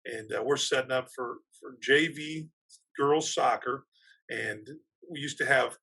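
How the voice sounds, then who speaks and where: A man, an athletic director, telling animated stories as a podcast guest and laughing through them. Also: mid-range voice, unhurried, vocal fry, slightly rough. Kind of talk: casual storytelling on a podcast.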